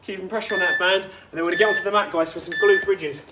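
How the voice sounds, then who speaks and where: A man's voice: high voice, fairly even intonation, racing, very noisy. A man coaching a workout outdoors, chatty and instructive with personal asides. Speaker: fitness coach.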